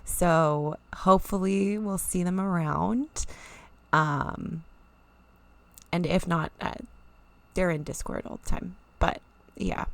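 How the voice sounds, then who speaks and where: A woman's voice: on the low side, slow pace, vocal fry, long pauses, no room sound. A woman streamer chatting casually and emotionally to viewers, rambling and near tears. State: teary, near crying. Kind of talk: casual live-stream chat.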